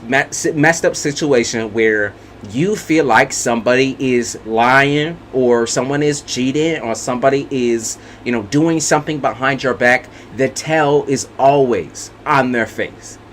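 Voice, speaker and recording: A man's voice: medium pitch, takes it slowly, a little hiss or hum. A man giving a casual tarot reading monologue, blunt and profane, repeating his points for emphasis. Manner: blunt, profane and repetitive, hammering points home. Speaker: tarot reader.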